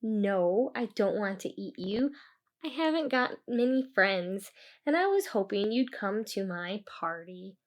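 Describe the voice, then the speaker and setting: Give me a gentle, shy male trollgre from a storybook, read by a woman, with a fairly high voice. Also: very animated, measured pace, few pauses, exaggerated voice. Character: big friendly shy male trollgre monster.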